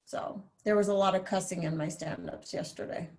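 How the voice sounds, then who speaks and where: A woman's voice: lowish voice, fairly even intonation, moderate pace, darkish tone. A woman TV news reporter speaking as a guest, giving candid, chatty advice to students over a video call, with many fillers. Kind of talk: casual advice talk to students.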